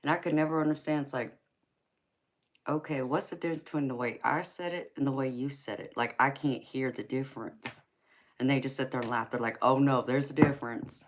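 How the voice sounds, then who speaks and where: A woman's voice: very deep voice, steady tone, brisk. A woman with a Georgia Southern accent chats easily with her viewers, laughing often. She calls them honey and girlfriend and keeps a friendly, talkative flow. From California. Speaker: livestream tarot reader. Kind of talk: casual live-stream chat with viewers.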